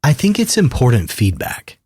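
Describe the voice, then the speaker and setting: A man in his fifties, a therapist and author, talks as a guest on an interview podcast in a calm, measured way. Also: medium pitch, slightly rough, dry recording.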